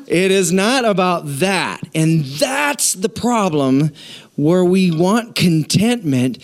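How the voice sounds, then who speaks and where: Animated storytelling man preaching. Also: fairly high pitch. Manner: storytelling, animated and self-deprecating. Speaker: pastor. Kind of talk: sermon.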